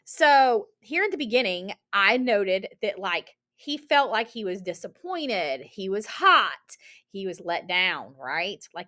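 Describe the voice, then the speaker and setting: In a recorded reading lesson for children, a woman teacher with a mid-range voice is animated and encouraging. She asks lots of rhetorical questions along the way.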